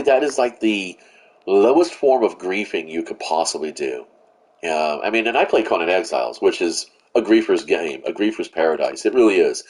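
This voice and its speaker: With a deep, darkish voice, a gaming channel host narrates his live gameplay. He vents his frustration in a profane, meandering way, restarting sentences and using fillers.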